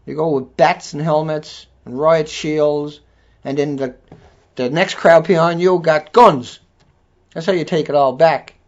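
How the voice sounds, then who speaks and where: High-pitched guy ranting mad and swearing nonstop, muffled lo-fi recording. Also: fairly even intonation, measured pace. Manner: furious, profane, repetitive tirade. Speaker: video blogger. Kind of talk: angry ranting monologue. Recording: dull lo-fi recording.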